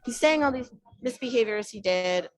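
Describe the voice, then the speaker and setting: A woman's voice: fairly high pitch, normal speed. A woman telling a story on a podcast, acting out the lines of the people she quotes. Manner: animated, acts out quoted dialogue. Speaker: podcast guest. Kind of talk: casual storytelling.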